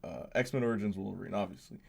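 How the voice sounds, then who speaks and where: A man's voice: lowish voice, quick pace, gravelly, darkish tone. A young man streaming a video game, chatting casually, rambling with lots of restarts and frequent laughter. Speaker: gaming streamer. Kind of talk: casual stream chat while gaming.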